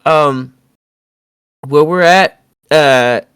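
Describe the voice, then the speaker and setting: A man hosting a podcast, chatting casually in an animated way, swearing freely and often laughing. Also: fairly high pitch, drawn-out words, clean tone, dry recording, clean studio sound. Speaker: podcast host. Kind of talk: casual wrestling review chat.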